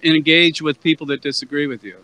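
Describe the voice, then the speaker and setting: Bright-voiced man pressing questions outdoors. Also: fairly high pitch, steady tone, a little fast, poor audio. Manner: persistent, probing questions with stumbling repeats. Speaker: anti-abortion street activist interviewer. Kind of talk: street debate interview. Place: outdoor university plaza.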